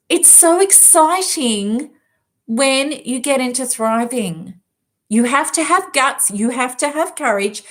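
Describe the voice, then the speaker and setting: A woman self-help speaker telling a personal story in an emphatic, lively way. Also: on the high side. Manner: lively, emphatic, quick asides. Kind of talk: storytelling talk to an audience.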